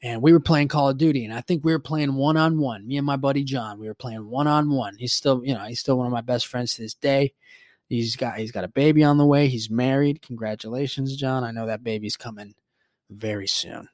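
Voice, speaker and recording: A man in his twenties hosting a podcast, telling a story in a rambling, profane, animated way. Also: mid-range voice, a little fast, dry recording, clean studio sound. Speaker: podcast host. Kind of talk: casual storytelling monologue.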